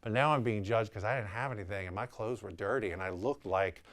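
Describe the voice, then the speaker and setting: A man's voice: on the low side, a little fast. A man in his thirties with a New Orleans accent, telling a personal story candidly and acting out the people in it. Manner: animated, candid, quotes people in their voices. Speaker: real estate agent.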